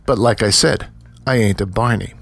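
A man voicing a weary, tough male ex-gang fighter in an audiobook, plain and steady. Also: on the low side, normal speed, gravelly, husky, no room sound, faint music behind, heavily acted.

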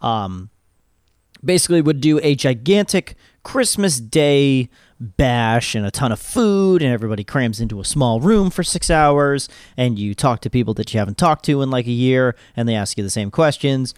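A man in his twenties co-hosting a podcast, chatting casually and telling jokey, animated stories. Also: mid-range voice, normal speed, clear, resonant tone, no room sound, clean studio sound. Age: 20s. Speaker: podcast co-host. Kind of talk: casual chat.

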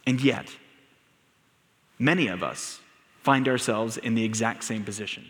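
A man's voice: mid-range voice, a little slow. A man preaching a sermon to his congregation, telling stories and building to emphatic, raised lines. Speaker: pastor. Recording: long reverb of a large room.

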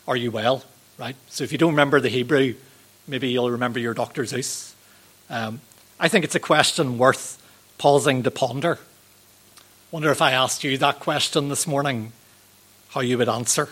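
A man, giving a sermon in a gentle, conversational way, with ums and rhetorical questions. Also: mid-range voice, normal speed, pauses often, slightly rough. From Northern Ireland. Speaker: preacher.

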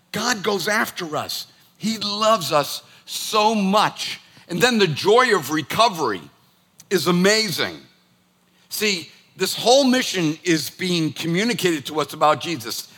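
A man preaching a sermon, telling stories in an animated, conversational way. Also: sits high. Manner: animated storytelling, acts out scolding his dog.

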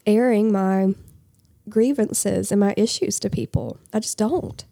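A woman's voice: mid-range voice, fairly even intonation, a little slow, creaky, warm tone, no echo, studio quality. A woman in a casual faith discussion, talking earnestly and thinking aloud.

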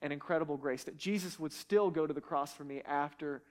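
A man's voice: fairly high pitch, a little fast, close to an everyday voice. A man doing a regretful old fisherman apostle. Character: remorseful middle-aged male fisherman apostle.

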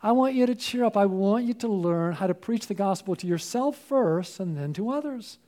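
High-voiced preacher man, mellow tone. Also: lively intonation, moderate pace. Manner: emphatic, rising sharply when quoting and urging; asks the congregation call-and-response questions. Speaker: pastor. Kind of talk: sermon.

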